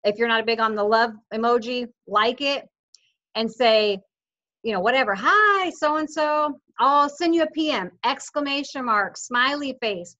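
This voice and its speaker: A fairly high-voiced woman coaches her sales team over a video call, upbeat and insistent. She slips into lively quoted voices as she goes. The audio is dull and lo-fi. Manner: upbeat, insistent, animated quoting of others. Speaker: team leader coaching affiliates.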